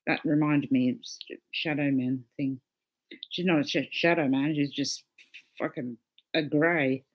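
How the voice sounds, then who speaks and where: A woman hosts a relaxed livestream from home and chats easily with her viewers. She talks slowly in a fairly low voice. She swears freely and laughs often. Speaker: livestream host. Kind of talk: casual livestream chat.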